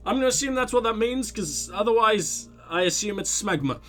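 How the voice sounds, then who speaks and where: A man's voice: high-pitched, lively intonation, a little fast, fairly bright tone. A man hosting a let's play, reading game text aloud with joking, rambling commentary and frequent slips over words.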